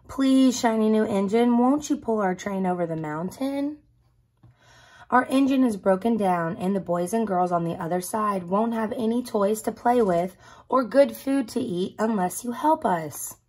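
A woman's voice: a little slow, a little mellow, lightly acted. A woman voicing an eager little male toy clown who pleads for help in a storybook reading. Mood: pleading. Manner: urgent, high and pleading.

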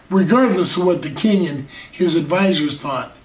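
A man's voice: high voice, normal speed. A man preaching a sermon earnestly, stretching out key words and asking rhetorical questions, recorded from a distance in an echoey room. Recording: echoey room, mic far off.

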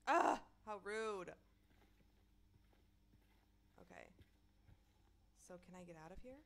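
A woman's voice: medium pitch, animated, moderate pace, gravelly, fairly bright tone, slight background noise. A young woman streaming a horror game, chatting with viewers and breaking into screams and nervous laughter. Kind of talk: casual gameplay commentary.

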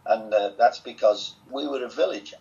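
A man's voice: medium pitch, normal speed, creaky, mellow. An older man from England with a Southwest Lancashire accent, telling stories as an interview guest in a chatty, wry way. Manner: chatty, wry, self-amused. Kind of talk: relaxed storytelling. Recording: dull lo-fi sound.

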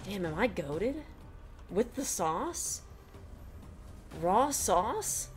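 A woman's voice: medium pitch, very animated, very slow, soft background music. A young woman streaming a video game, chatting candidly and rambling as she answers her chat, swearing freely. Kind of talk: casual gameplay stream chat.

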